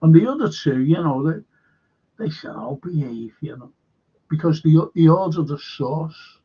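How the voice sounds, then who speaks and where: Host: gravelly, husky Liverpool man, rambling opinion talk, dull lo-fi sound, fairly high voice. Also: moderate pace. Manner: rambling, opinionated, animated when quoting others. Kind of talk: casual opinion monologue.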